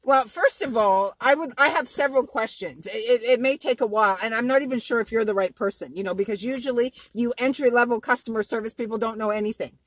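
A woman's voice: fairly high pitch, fast, hardly any pauses, dry recording, natural voice. A woman playing an irate customer stuck on hold, exasperated and stammering as she complains, in a comedic role-play.

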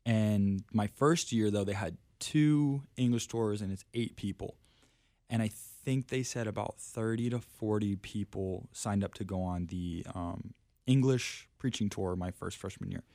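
A young man with a fairly low voice talks casually on a podcast. He tells personal stories in a self-deprecating way, laughing as he goes. The sound is dry and close. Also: measured pace, mellow, no room sound. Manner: self-deprecating, laughs often, lots of fillers. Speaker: podcast guest. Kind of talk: casual storytelling chat.

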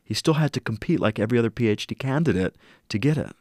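A middle-aged man telling a personal story in an earnest, reflective way, slowing down at key moments. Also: mid-range voice, lively intonation, darkish tone, no echo, studio quality. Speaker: interview guest.

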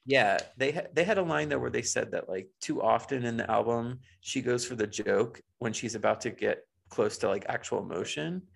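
A man co-hosting a casual podcast, talking loosely and laughing a lot. His voice has a gravelly, fry-laced texture at a middling pitch. He sounds relaxed and playful. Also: moderate pace, hardly any pauses. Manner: laughs often, playful and chatty. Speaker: podcast co-host. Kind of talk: casual chat.

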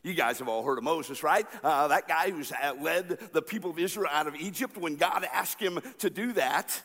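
A male pastor preaching a sermon, swinging between loud passionate cries and quiet, slow asides. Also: a little high. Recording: long reverb of a large hall.

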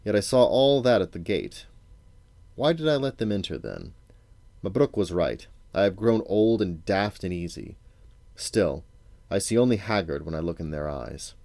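A suspicious, brooding old king, as a father reading a storybook puts him on. The voice is low and dry, muttering one moment and barking demands the next. It feels cold and menacing. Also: big pitch swings, moderate pace, gravelly, mellow, no room sound, exaggerated voice.

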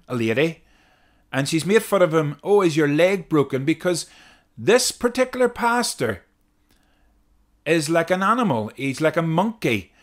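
Lively, earnest male podcast host. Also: a little high. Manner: earnest, explanatory, repeats key phrases for emphasis. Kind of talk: podcast commentary.

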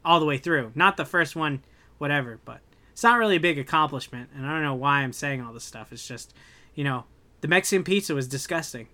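Animated, bright-voiced young man ranting. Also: fairly high pitch, fairly quick. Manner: animated, ranting, swears freely. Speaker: podcast co-host. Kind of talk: casual chat.

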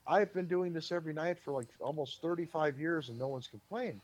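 A man's voice: a little high, a little fast, a little mellow, highs cut off, pitched above the performer's own voice, lightly acted. A man quoting a stubborn veteran male comedian in a raised, insistent voice. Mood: defensive.

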